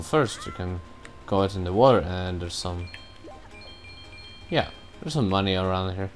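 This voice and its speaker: Playing a video game, a let's-play gamer keeps up casual, rambling commentary and swears now and then when he makes a mistake. His voice is low with a fairly bright tone.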